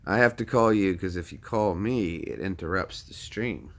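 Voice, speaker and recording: A man's voice: sits low, moderate pace, background noise. A man hosting a casual livestream, chatty and upbeat, talking straight to his viewers. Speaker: livestream host.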